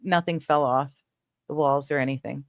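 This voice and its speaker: With a low-pitched voice, fairly even intonation and normal pace, a woman from western Canada hosts a livestream and reads out the chat. She answers viewers casually, rambles easily and laughs often; the studio-quality audio has no room sound.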